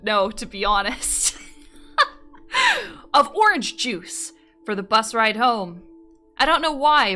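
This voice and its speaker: A woman streamer reading out viewer confessions and reacting in an animated way, often breaking into laughter and swearing freely. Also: mid-range voice. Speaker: streamer host.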